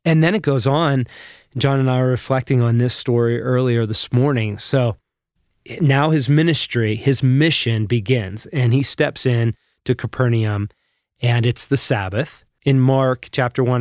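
A man's voice: medium pitch, darkish tone, clean tone, no room sound, studio quality. Earnest man teaching from scripture. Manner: earnest, reads scripture aloud slowly. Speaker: podcast co-host. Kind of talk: reflective Bible teaching.

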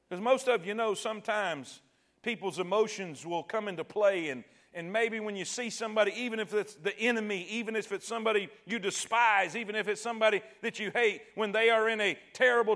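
A man preaching a sermon, retelling a scripture passage and acting out its voices, swelling at times to shouts. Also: high-pitched, normal speed. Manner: dramatic, acts out quoted voices and swells to shouts.

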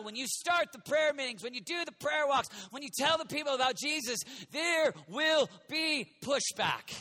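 A man preaching an energetic youth sermon, animated and jokey, acting out quoted voices and sometimes shouting. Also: extremely high pitch. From United States. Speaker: youth minister.

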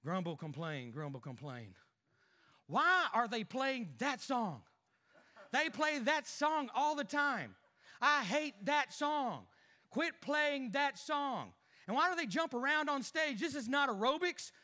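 A man's voice: very high-pitched, sing-song, takes it slowly, sharp tone, in a large hall, exaggerated voice. A man acting out a petty, grumbling married churchgoer who mutters complaints under his breath and puts on fake cheer for others, in a comic sermon skit.

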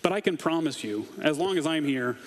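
Wry pastor in a reverberant hall. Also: male voice, a little high, animated, brisk. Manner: casual and wry, with chuckles and snarky asides. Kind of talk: conversational sermon.

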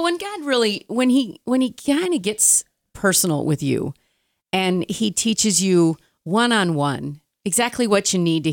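A woman's voice: a little high, no echo, clean studio sound. A middle-aged woman co-hosting a casual faith chat, earnest and reflective, a bit hesitant as she opens up. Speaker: podcast co-host.

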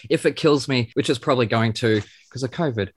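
An excitable, theatrical man hosting a chat, sometimes rattling off a long tongue-twisting introduction. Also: medium pitch, brisk, no room sound. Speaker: podcast host. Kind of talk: casual chat and rapid scripted intro.

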